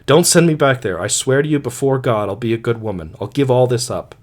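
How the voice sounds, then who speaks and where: A man's voice: medium pitch, expressive, a little fast, darkish tone, natural voice. A man reading aloud, voicing a desperate young woman fugitive who pleads breathlessly. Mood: pleading. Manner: breathless, imploring.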